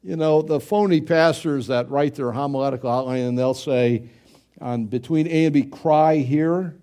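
A man's voice: mid-range voice, moderate pace, mellow. A middle-aged male pastor preaching a sermon in a conversational way, with frequent fillers and restarts.

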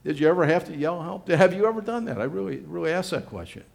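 An older man leading a small Bible study group, telling stories in a casual, animated way and crying out loudly for emphasis. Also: on the high side, quick pace, vocal fry. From Canada. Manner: animated storyteller, loud sudden cries of help. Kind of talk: casual teaching with group sharing.

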